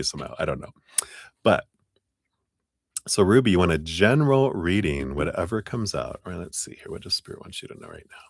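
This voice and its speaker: A very low-pitched man reads tarot live for his viewers, chatting loosely and laughing along the way. His voice is recorded dry and close, with no room sound around it. He rambles, filling pauses with "you know". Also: no room sound. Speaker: tarot reader hosting a live stream. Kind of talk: casual livestream chat and card reading.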